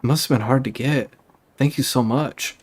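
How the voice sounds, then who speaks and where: A man's voice: medium pitch, normal speed, close to an everyday voice. A man reading aloud for a young woman, a sweet, emotional girlfriend in a video game, in a raised voice. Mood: gushing. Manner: gushing then hurt, emotional.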